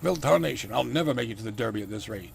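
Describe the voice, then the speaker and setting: A man's voice: medium pitch, expressive, racing, vocal fry, a little hiss or hum. A man putting on a courtly Southern vampire gent. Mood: genial. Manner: florid and courtly. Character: portly old-fashioned Southern vampire gentleman.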